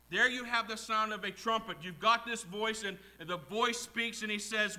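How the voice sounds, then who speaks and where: Bright-voiced preacher, booming then hushed. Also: male voice, moderate pace, hardly any pauses. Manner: swings from quiet asides to loud shouted quotes. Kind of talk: sermon. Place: church with congregation.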